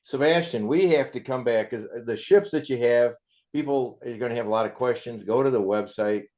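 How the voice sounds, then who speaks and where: An interview host chats in a rambling, enthusiastic way between his questions in a casual conversation. He speaks briskly in a medium-pitched voice with a darkish tone.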